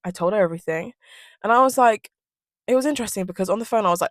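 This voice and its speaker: A woman's voice: medium pitch, quick pace, pauses often, dry recording. Young girl ranting storytime style in her car, lots of like and swearing, dry close sound. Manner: rambling, swears freely, fillers like "like". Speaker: vlogger. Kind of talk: casual storytime chat.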